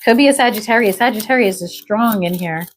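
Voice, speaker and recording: With slight background noise behind her, a woman with a medium-pitched voice talks briskly through a tarot reading. Somewhat under the weather, she keeps the explanations casual, punctuating them with exclamations and frequent checks of "okay?"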